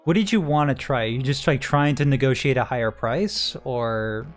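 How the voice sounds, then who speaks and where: A male game master talks casually in a mid-pitched voice, describing the scene and explaining the options. Faint music sits behind him. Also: moderate pace. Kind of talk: narrating a tabletop game.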